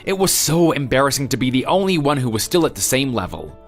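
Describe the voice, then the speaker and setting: A man's voice: mid-range voice, big pitch swings, fast, faint music behind. A man voicing a defensive, exasperated husband and son.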